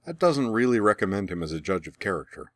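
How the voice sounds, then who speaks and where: A man's voice: on the low side, sing-song, fast, fairly bright tone, dry recording. A man reading the part of a brooding young man who speaks wryly and matter-of-factly. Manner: wry, matter-of-fact. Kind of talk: audiobook character reading.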